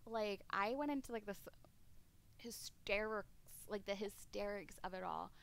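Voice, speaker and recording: A woman streamer talks through her game in a loose, rambling way, laughing often and dropping casual swears. Her voice is smooth and clean, sitting at an ordinary middle pitch. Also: unhurried. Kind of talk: casual chat while gaming.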